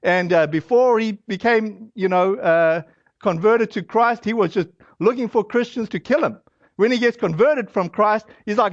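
A man with a fairly high voice preaches in a loose, chatty way, often slipping in fillers and quick asides. The sound is very dry with no room around it, and the recording is a little dull and lo-fi. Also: no echo. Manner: casual and animated, acts out quoted voices, many fillers. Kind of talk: conversational sermon.

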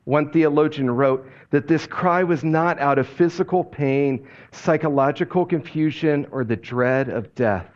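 A man preaching a sermon, speaking slowly and quietly, often dropping his voice low on key phrases. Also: lo-fi sound. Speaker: pastor.

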